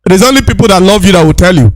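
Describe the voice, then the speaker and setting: A man with a very high voice lectures with fervor, hammering the same points again and again and often raising his voice to a shout. The sound is dry, with no room around it. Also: expressive, very fast, dry recording. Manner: preachy, repetitive, shouting rebukes. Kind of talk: impassioned lecture.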